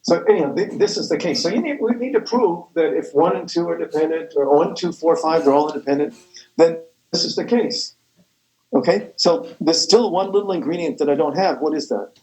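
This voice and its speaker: A man's voice: a little high, a little fast, darkish tone, reverberant, low-quality recording. A man lecturing a math class, rambling and correcting himself as he goes, with the odd chuckle. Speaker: math professor.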